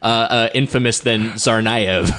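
A man's voice: on the low side, steady tone, a little slow, a bit bright. A man co-hosting a podcast in casual chat, teasing his co-host.

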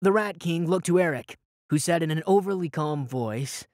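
Brief: male narrator, very animated pitch, bone-dry booth, wry and dramatic delivery. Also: moderate pace, no echo. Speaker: audiobook narrator. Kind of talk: first-person audiobook narration.

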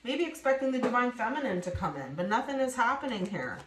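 A woman's voice: fairly high pitch, big pitch swings, quick pace, a little hiss or hum. A woman giving a spoken tarot reading to her viewers, addressing them directly and acting out the voices she quotes. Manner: acts out quoted voices, talks straight to viewers. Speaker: tarot reader. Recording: echoey room.

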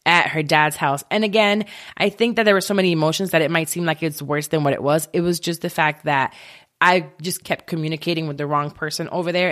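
A woman's voice: low-pitched, fairly bright tone. A woman in her thirties hosting a podcast alone, talking candidly and emotionally about her struggles with frank swearing, from her home office. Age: 30s. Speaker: podcast host. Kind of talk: candid solo podcast monologue.

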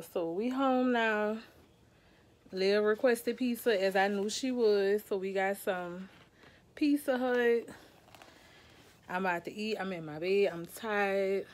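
Mom in her 30s vlogging from bed, laid-back chatty talk, lots of y'all. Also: mid-range voice. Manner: chatty, relaxed, addresses viewers as y'all. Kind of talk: casual vlog talk to camera. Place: at home in bed.

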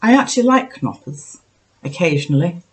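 A woman's voice: fairly low pitch, sing-song, moderate pace. A woman vlogger in casual chat, thinking aloud and joking at herself as she tastes snacks. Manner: chatty, self-mocking, thinks aloud while tasting.

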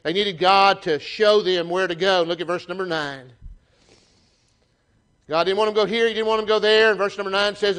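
A man with a Southern US accent preaching a sermon to his church, folksy and animated, often restarting his phrases. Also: sits high, fairly quick, smooth. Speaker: pastor. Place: church sanctuary.

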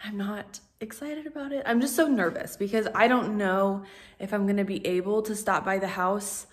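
A woman's voice: mid-range voice, steady tone, moderate pace. A young woman vlogging at home and in her car, talking in a chatty, nervous way with lots of fillers like "um" and "like". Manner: chatty and anxious, many fillers like "um" and "like". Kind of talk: casual vlog chat.

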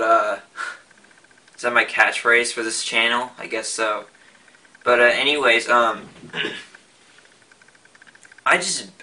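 Speaking casually for his vlog, a young man with a bright, forceful, mid-range voice keeps restarting and dropping fillers as he rambles. The mic picks him up from a bit of a distance.

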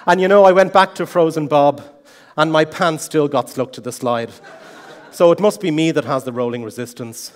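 A middle-aged man tells a comic story in a competition speech, animated and self-mocking. His voice sits high for a man. Long reverb from a large hall rings behind him. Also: moderate pace. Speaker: contest speaker.

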